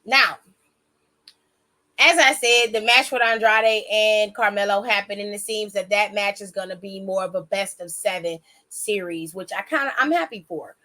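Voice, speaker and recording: Her wrestling recap is casual and talkative, full of profanity and rapid tangents that interrupt the story. The woman's voice is medium in pitch, and she tells it with plenty of animation.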